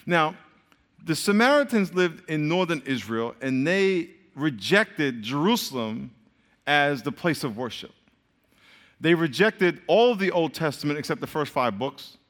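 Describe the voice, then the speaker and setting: A man preaching a sermon to a crowd in a lively, joking way, speaking straight to them. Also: on the high side, a little slow. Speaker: pastor. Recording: long hall reverb.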